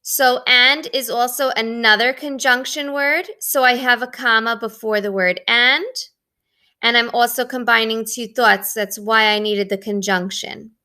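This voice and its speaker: Bright-voiced woman teacher explaining punctuation. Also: on the high side, fairly even intonation, a little slow, clear, resonant tone. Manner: patient, explaining step by step. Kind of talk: recorded remote writing lesson.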